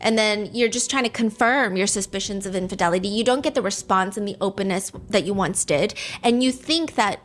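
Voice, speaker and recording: A woman's slightly high voice lays out a true crime case. She explains step by step and walks the listener through possible theories in an even, storytelling manner. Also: brisk, faint music behind. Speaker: true crime podcast host.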